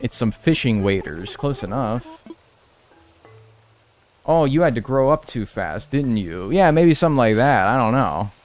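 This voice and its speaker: A man's voice: mid-range voice, big pitch swings, a little slow, soft background music. A young man streaming a life-sim game, rambling casually and answering chat with self-deprecating humor.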